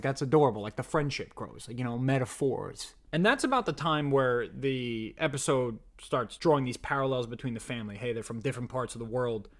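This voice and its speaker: A man in his thirties, a dad, giving a jokey, sarcastic, mock-dramatic commentary on a children's show. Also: mid-range voice. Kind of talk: comedic commentary vlog.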